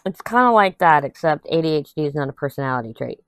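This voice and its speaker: A woman's voice: low voice, expressive, fast talker, clear, resonant tone, no echo. A young adult woman chatting candidly to her viewers while crafting, rambling and venting with some laughs. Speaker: vlogger. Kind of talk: casual chat to camera while crafting.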